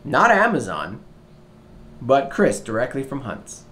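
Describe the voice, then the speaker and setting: Swearing, animated man ranting to camera. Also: a little slow, slight background noise. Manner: animated, swears a lot, swings from loud outbursts to low mutters. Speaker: vlogger. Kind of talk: casual storytelling rant.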